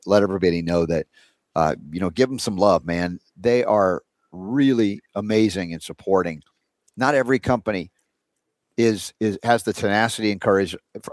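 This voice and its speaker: A man's voice: sits low, no echo, studio quality. A man hosting a talk show, chatting casually and rambling with many fillers and restarts. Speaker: radio show host.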